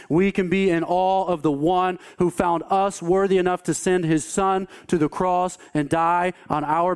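A man's voice: on the high side, darkish tone, clean tone. A male pastor preaching a sermon in an emphatic way, often urging the listeners to listen.

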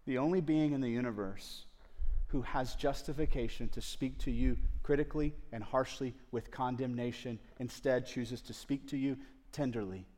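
A man preaching a sermon to a congregation, speaking to the mothers directly, dropping to tender near-whispers and rising to loud pleading. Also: mid-range voice, normal speed. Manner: swings from hushed tender asides to loud pleading; addresses the audience directly. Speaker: pastor. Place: church service before a congregation.

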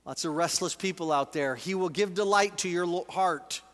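Bright-voiced pastor preaching in a hall. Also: male voice, high-pitched, moderate pace. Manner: earnest, conversational preaching with scripture readings. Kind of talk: sermon. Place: church sanctuary. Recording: reverberant church hall.

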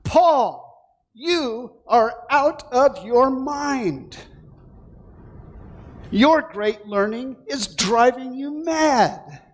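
A man acting out an ancient Roman governor who loudly accuses a prisoner of madness. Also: extremely high pitch, lively intonation, extremely slow, pitched above the performer's own voice, exaggerated voice. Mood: accusing. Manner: loud and accusing.

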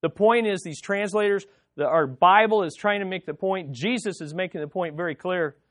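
A man's voice: sits high, moderate pace, fairly bright tone, no room sound, studio quality. A man preaching a sermon as pastor, emphatic, repeating key phrases and leading the congregation to say them back.

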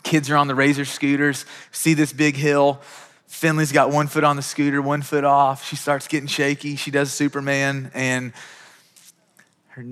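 A man's voice: mid-range voice, completely flat delivery, moderate pace, fairly bright tone, clear, resonant tone. A man in his thirties preaching a sermon as pastor, emphatic and full of rhetorical questions. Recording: long hall reverb.

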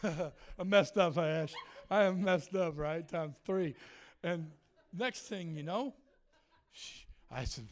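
A middle-aged man preaching a sermon, telling a story in an animated way, often shouting and breaking into laughter. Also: on the high side, slow.

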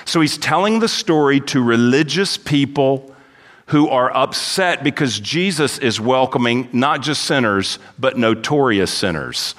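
A man's voice: mid-range voice, lively intonation, a little slow, a bit bright. A male pastor preaching an expository sermon in a church, reading scripture aloud and then explaining it verse by verse. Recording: long hall reverb.

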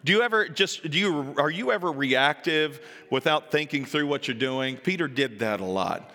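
A male pastor preaching with a bright, forceful, somewhat high voice. He tells the story in a lively way, acting out each voice and rising to emphatic peaks. The sound carries a long reverb, as in a church hall. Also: normal speed. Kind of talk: sermon.

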